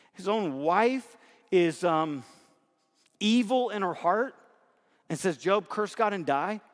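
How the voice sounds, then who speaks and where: A man preaching a sermon, talking conversationally and building to emphatic repeated lines. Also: high-pitched. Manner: conversational preaching, shifts between soft asides and emphatic repetition. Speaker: pastor. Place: church sanctuary. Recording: reverberant hall.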